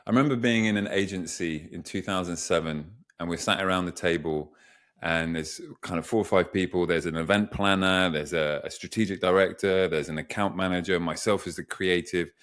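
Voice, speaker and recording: Low-voiced man telling stories. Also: fairly even intonation, brisk, fairly bright tone. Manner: reflective, storytelling with many examples. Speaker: communication coach guest. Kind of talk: conversational interview answers.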